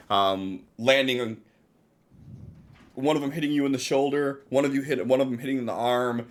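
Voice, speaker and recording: A man runs a tabletop game as its game master. He describes the action at a slow, searching pace, in a mid-range voice. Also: medium pitch.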